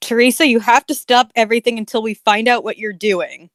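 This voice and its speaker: A woman's voice: fairly high pitch, brisk, dry recording, studio quality, natural voice. A woman voicing an obnoxious, pushy female president while imitating a male online narrator, in a live dramatic reading of a fanfic. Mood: demanding.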